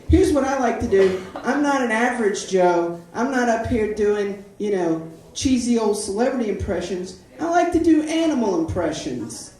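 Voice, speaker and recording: A man doing a deadpan, self-deprecating stand-up set at a live open mic, bantering with the crowd. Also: extremely high pitch. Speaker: stand-up comedian. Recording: echoey live room from far off. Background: audience laughter.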